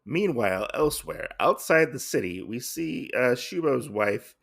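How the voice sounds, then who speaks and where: Gravelly man recapping a comic. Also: medium pitch, expressive, measured pace, fairly bright tone. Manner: rambling, heavy on fillers. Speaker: comic podcast host.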